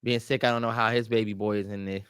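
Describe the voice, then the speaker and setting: A man's voice: lowish voice, little pitch movement, a bit bright, clear, resonant tone, dry recording. Dry, slangy man co-hosting a podcast. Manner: joking, slangy, quick to tease. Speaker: podcast co-host. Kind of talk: casual podcast banter.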